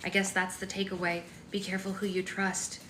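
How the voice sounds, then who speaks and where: A woman doing a calm detached commentator. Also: mid-range voice, fairly quick, natural voice. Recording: echoey room with faint noise.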